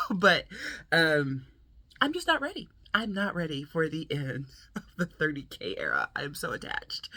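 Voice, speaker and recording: Animated, husky-voiced American woman chatting. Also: low-pitched, dry recording. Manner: playful, chatty, laughs often. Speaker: book channel host. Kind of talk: casual vlog chat.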